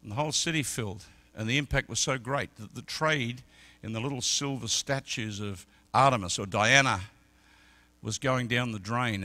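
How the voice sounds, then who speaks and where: A middle-aged man with a medium-pitched voice preaches as an evangelist at a church service, moving from stories told quietly up to loud shouted climaxes.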